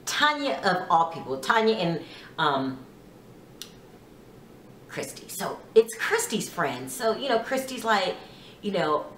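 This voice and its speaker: A woman casually recapping a reality TV episode, chatty, with many fillers, quoting people in animated bursts. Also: mid-range voice, unhurried, far from the mic, a little hiss or hum. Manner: chatty, lots of "you know", quotes people in lively voices. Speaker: TV recap vlogger. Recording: echoey room, off-mic.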